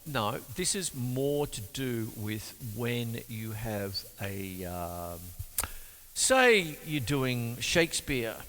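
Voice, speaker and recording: Joking drum teacher, lively voice. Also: male voice, mid-range voice, drawn-out words, a little hiss or hum. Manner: joking, chatty, counts rhythms aloud. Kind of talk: jokey drum lesson with spoken counting. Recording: reverberant room with drum music.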